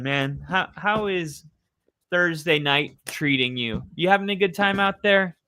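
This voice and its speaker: A man's voice: a little high, a little slow, bright, forceful tone, no room sound. A young man live streaming, chatting casually with viewers, rambling and swearing as he reads the chat.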